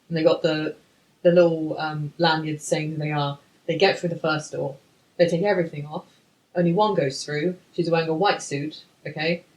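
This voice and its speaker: A woman, co-hosting a film podcast in casual chat, ranting in an animated, sweary, exasperated way. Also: low voice, rough recording. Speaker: podcast co-host.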